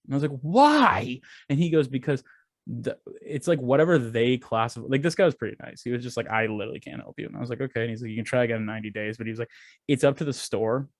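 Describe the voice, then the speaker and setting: A man's voice: medium pitch, rapid-fire, a little mellow, dry recording, clean studio sound. A young man, a podcast co-host, telling a story in casual chat, swearing and acting out what people said.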